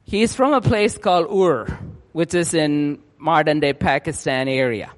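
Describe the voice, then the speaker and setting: A man preaching a sermon, excited and rushing, often checking in with his listeners. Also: a little high, in a large hall.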